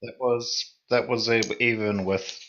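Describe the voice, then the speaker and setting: Slow, bright-voiced man, hesitant. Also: mid-range voice, fairly even intonation, muffled recording, a little hiss or hum. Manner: hesitant, many fillers. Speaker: player. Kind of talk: casual game chat.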